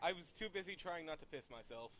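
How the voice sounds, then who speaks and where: A man on a casual podcast, dropping dry, deadpan asides. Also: a little high, fast.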